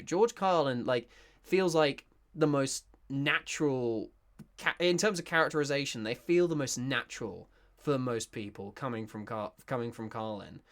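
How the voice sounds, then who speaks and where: A British voice actor from Britain giving casual, excitable reaction commentary with many restarts. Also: mid-range voice. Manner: excitable, gushing, stumbling restarts.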